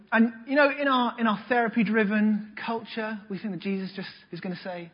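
A man preaching a sermon, telling Bible stories in a lively way and acting out the voices. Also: sits high, fairly quick, hardly any pauses, muffled recording. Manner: lively storytelling with acted-out voices.

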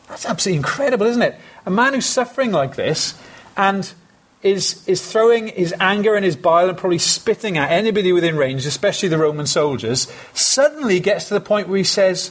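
A man's voice: high-pitched, animated, brisk. A man preaching a sermon, earnest and emphatic, repeating phrases for stress.

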